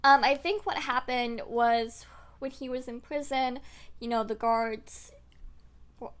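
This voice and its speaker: A woman's voice: on the high side, slow, fairly bright tone. Chatty young woman book vlogger. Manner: chatty, rambling, many fillers and restarts. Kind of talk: casual to-camera chat. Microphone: desk microphone.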